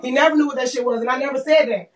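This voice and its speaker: A woman's voice: high-pitched, steady tone, very fast. A woman from South Carolina, ranting on a live stream in a profane, defiant way, hurling repeated insults. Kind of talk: heated live-stream rant. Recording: echoey room from a distance, faint noise.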